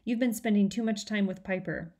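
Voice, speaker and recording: A woman's voice: mid-range voice, a little fast, dark tone, natural voice. A woman reading a blunt, sarcastic schoolgirl. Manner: sarcastic, matter-of-fact.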